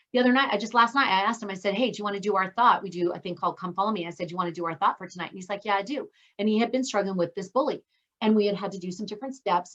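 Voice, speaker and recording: A woman's voice: mid-range voice, a bit bright. A middle-aged woman hosting a casual, faith-based talk on parenting. She is chatty and upbeat and acts out the things she says to her kids. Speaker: host. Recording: dull lo-fi sound.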